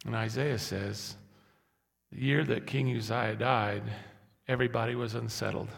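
A man in his sixties preaching a sermon, swinging from low, quiet asides to loud, impassioned peaks. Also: steady tone, moderate pace, creaky. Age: 60s. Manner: impassioned, building to loud emphatic peaks then dropping low. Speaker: pastor. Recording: echoey hall.

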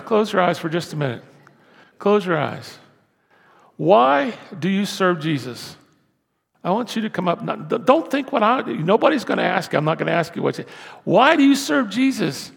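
A male pastor preaching in a church sanctuary, his voice gravelly and a touch higher than most men's. He shifts from quiet, hushed asides to loud, emphatic pushes. The sound carries a long reverb from the hall. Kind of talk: sermon.

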